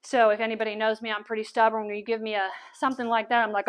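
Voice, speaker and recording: A woman telling a personal testimony as a sermon, animated and full of stammered restarts. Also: on the high side, rapid-fire. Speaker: speaker sharing testimony. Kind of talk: sermon storytelling.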